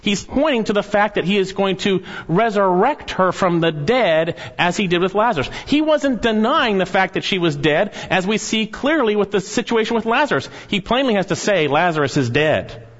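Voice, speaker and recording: A man preaching an earnest expository sermon as pastor, rising to animated emphasis on key points. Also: high-pitched, moderate pace. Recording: muffled sound with long hall reverb.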